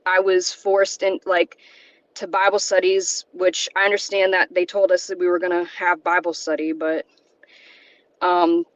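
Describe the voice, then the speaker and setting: A woman from South Carolina tells her story over a call from inside her car. She speaks haltingly, shaky and close to tears, with nervous laughs breaking in. Her voice comes through dull and lo-fi. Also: lowish voice, level tone, no room sound. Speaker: guest. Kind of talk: emotional personal testimony.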